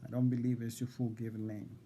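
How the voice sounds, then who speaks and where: A man reading out insistent legal demands to a court evaluator, repeating himself and halting on fillers. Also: medium pitch, flat delivery, warm tone, a little hiss or hum. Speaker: defendant addressing a court evaluator. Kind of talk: confrontational legal declaration.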